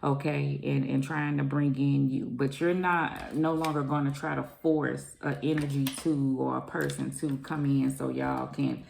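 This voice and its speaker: Very gravelly low-voiced woman reading tarot. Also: flat delivery, unhurried, hardly any pauses, darkish tone, a little hiss or hum. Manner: rambling, loose, repeats "I feel like"; muses aloud, trails off with "I don't know". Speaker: tarot reader. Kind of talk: casual tarot reading to camera.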